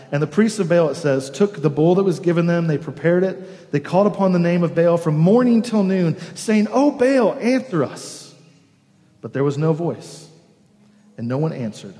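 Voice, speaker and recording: A man's voice: a little high, mellow. Preacher man in a reverberant church. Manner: storytelling preacher, dropping to near-whispers on key words. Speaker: pastor. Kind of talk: sermon. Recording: long reverb of a church hall.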